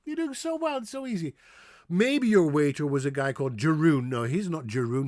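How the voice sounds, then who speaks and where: A man's voice: on the high side, animated, darkish tone, no room sound, clean studio sound. A man with a Dutch accent, a native Dutch speaker, teaching pronunciation in a playful, encouraging way and drawing out each word he demonstrates. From Netherlands. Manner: drawn-out, exaggerated demonstrations of words. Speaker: language teacher. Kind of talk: pronunciation lesson.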